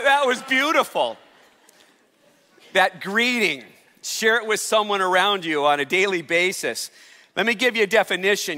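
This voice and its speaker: A man's voice: on the high side, pushed and bright. A man preaching a sermon as pastor, emphatic and conversational, with rising calls to the congregation. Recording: hall reverb.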